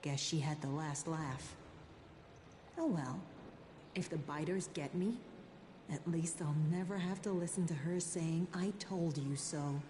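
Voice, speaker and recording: A woman's voice: deep voice, unhurried, warm tone, echoey room, slight background noise. An actress playing a bitter, wry female media coordinator stuck in a disaster zone.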